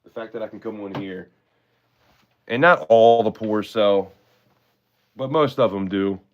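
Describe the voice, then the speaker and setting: A man's voice: lowish voice, a little slow, muffled recording, a little hiss or hum. A man hosting a live-stream auction, chatting in a laid-back way and thanking his viewers often.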